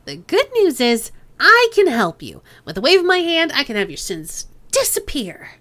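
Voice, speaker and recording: Nasal sing-song gang boss lady, a woman doing the voice, teasing and lively, game. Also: fairly low pitch, unhurried, no room sound. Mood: persuasive. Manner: teasing, drawling with pet names. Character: brash sing-song female crime boss.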